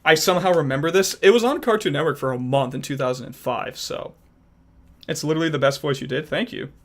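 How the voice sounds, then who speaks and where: A young man streaming, chatting casually with viewers, animated and rambling with frequent restarts. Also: on the high side, fast. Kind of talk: casual chat reacting to viewers.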